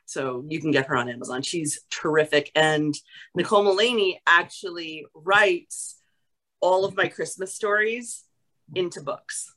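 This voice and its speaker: Woman guest from New York, bright tone, animated storyteller, casual interview chat. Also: on the low side, measured pace, low-quality recording. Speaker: guest, actress.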